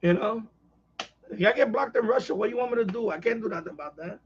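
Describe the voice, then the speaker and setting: A man's voice: sits high, lively intonation, fast, a little hiss or hum. A man hosting a casual live stream chat, rambling and exasperated as he rants. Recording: dull lo-fi live stream audio.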